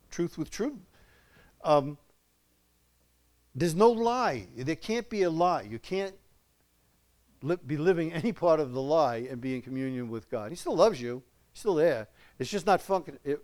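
An older man gives a loose, folksy sermon, chuckling between points and firing questions at his listeners. His voice sits a little high for a man. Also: a little mellow. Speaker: preacher. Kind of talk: conversational sermon.

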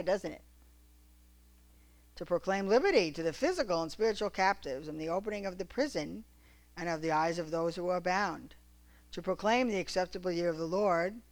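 A preacher reading scripture aloud and telling lively stories to a congregation, often laughing. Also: female voice, fairly low pitch. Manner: animated, laughing storyteller.

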